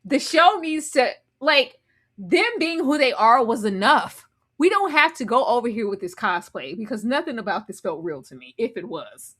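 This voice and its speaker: An animated woman hosting a live recap, her pitch jumping widely as she acts out what people said. Her voice is bright and sits fairly high. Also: moderate pace, husky. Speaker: host.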